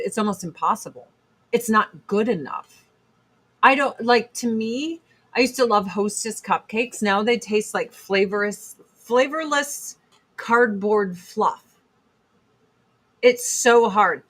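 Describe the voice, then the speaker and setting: A middle-aged woman hosts a casual livestream. She talks bluntly and rambles, with plenty of swearing, at a medium pitch. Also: fairly bright tone. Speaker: livestream host selling beauty products.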